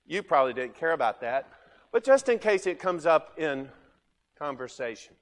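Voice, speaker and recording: A man preaching a sermon, animated, asking his listeners questions and swinging between loud bursts and quiet asides. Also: on the high side, long reverb tail. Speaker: pastor.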